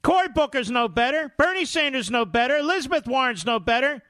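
Man, radio host, combative commentary, indignant, very high voice, sharp edge. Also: expressive, dry recording, clean studio sound. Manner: indignant, scornful, rapid-fire. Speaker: radio talk show host.

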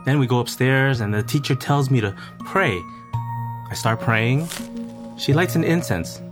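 A man reading a scripted first-person voice-over, in a measured, plain storytelling manner. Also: mid-range voice, expressive, music in the background. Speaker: voice-over narrator. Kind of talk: scripted narration.

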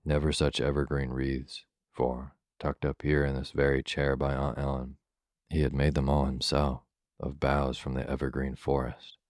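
Very deep, flat-voiced man reading a bedtime story. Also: normal speed, no room sound, studio quality. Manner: calm, even storybook reading for sleep. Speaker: narrator.

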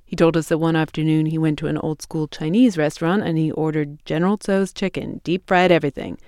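A woman host narrating a podcast story in a calm, measured way. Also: low voice, no room sound, studio quality. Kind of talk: scripted narration.

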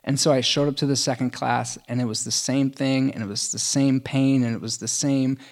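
A man's voice: mid-range voice, steady tone, a little fast. A middle-aged man telling a personal story in casual conversation, chatty with lots of fillers and self-mocking humor.

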